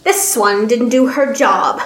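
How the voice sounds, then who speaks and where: A woman's voice: on the high side, slow pace, a bit bright, a little hiss or hum. A woman reading a story, voicing an arrogant, domineering baron scientist who speaks in a haughty, commanding way. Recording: roomy echo.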